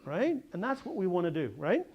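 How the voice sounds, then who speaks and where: A man's voice: high voice, a little fast, breathy edge, lo-fi sound. A man teaching a sales seminar, telling stories with energy and putting questions to the audience. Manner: energetic, animated storyteller who quizzes the audience. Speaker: sales coach. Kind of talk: seminar talk to a live audience.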